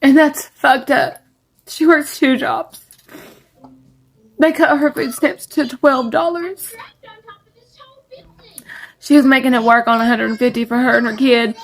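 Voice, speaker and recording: A woman's voice: on the high side, steady tone, a little slow, long pauses. A working mother ranting angrily and tearfully, swearing freely. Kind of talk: angry phone video.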